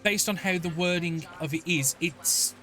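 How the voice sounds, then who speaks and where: A man's voice: high voice, moderate pace, sharp tone, faint music behind. A man narrating as dungeon master in a tabletop game, rambling with many fillers and restarts. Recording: faint background noise.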